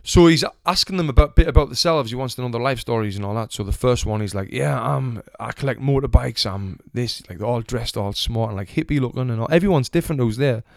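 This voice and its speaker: Expressive and fast with few pauses, a young man's mid-range voice carries a Sunderland English accent. A retired boxer, he tells a chatty, casual story packed with swearing, acting out the characters as he goes. The clean studio sound is dry.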